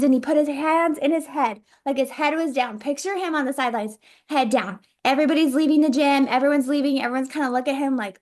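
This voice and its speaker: A woman hosting a motivational podcast, talking earnestly and encouragingly to young athletes and performers, acting out their inner thoughts. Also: high voice. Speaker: podcast host.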